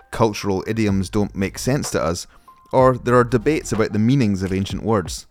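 A man with a Scottish accent, hosting a podcast and interviewing a guest in a measured, earnest way. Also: fairly low pitch, darkish tone. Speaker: podcast host. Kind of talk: scripted intro then casual interview.

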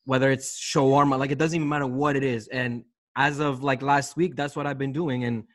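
A man's voice: medium pitch, flat delivery, a little fast. A man co-hosting a podcast, talking casually and rambling with lots of fillers. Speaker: podcast co-host. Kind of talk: casual chat.

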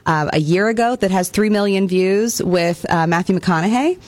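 A woman with a Bronx accent co-hosting a library radio show, talking casually and pausing often on um and uh. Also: medium pitch, a little mellow, dry recording. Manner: chatty, halting with many ums.

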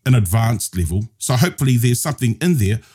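A man's voice: mid-range voice, lively intonation, quick pace, warm tone, husky. A man with a New Zealand accent teaching Māori grammar as a podcast guest, explaining patiently and switching between Māori and English. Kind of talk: casual podcast lesson.

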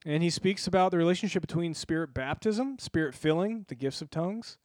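A man's voice: fairly high pitch, animated, fairly quick, darkish tone, no room sound. Playful man hosting a book segment. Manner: playful, mock-formal segment intros. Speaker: podcast co-host presenting a book segment. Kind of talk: casual podcast chat.

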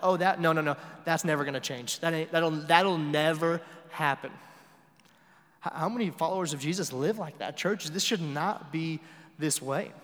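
A young male pastor preaching a sermon in a conversational way, repeating words and swinging between loud emphasis and quiet asides. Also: fairly high pitch, in a large hall.

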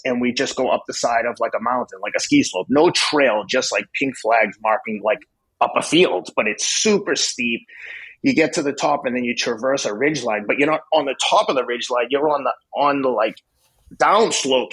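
Husky-voiced profane storyteller in his fifties. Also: mid-range voice, low-quality recording. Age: 50s. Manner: blunt, profane, excitable storyteller. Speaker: podcast guest. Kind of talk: casual storytelling.

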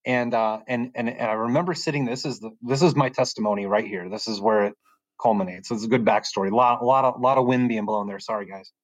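On a podcast, a male guest shares his personal faith testimony from his bedroom at home, earnest and rambling, often starting sentences over. His voice is lowish and brisk. The audio is dry but poor in quality.

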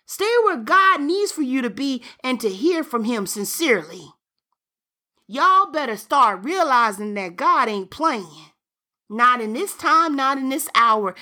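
A woman's voice: on the high side, sharp tone. A woman preacher delivering a fervent sermon, reading scripture aloud and breaking in with exclamations.

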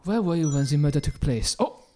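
Guy doing a bumbly fake french detective, giggly and shouty, voice jumps all over, noisy background. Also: on the high side, lively intonation, brisk, natural voice. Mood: excited. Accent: mock French.

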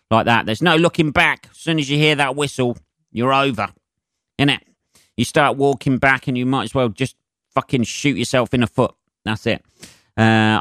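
Man, comic podcast rant, lowish voice, dry close sound, lots of swearing. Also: fairly bright tone, no room sound. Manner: sweary, ranting, winds himself up. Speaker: comedian podcast host. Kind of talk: solo comedic monologue.

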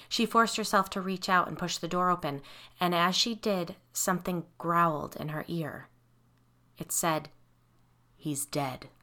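Woman narrator, horror audiobook, steady reading, bright forceful tone. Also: on the low side. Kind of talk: scripted narration of a horror novel.

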